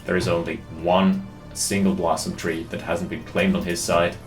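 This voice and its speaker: Excitable male game caster, lowish voice, roomy sound, faint music behind. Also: moderate pace. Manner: excitable, thinking aloud. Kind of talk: live game commentary.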